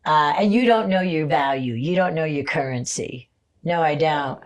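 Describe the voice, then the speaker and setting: A woman's voice: low voice, normal speed. A middle-aged woman telling stories on a casual podcast as a psychic guest, swearing freely and laughing often. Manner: profane, storytelling, loud laughter.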